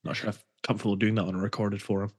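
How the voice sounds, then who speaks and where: A man with a somewhat low voice trades wry, deadpan remarks with his co-host on a casual podcast. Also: rapid-fire, slightly rough. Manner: dry, wry banter. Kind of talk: casual football podcast banter.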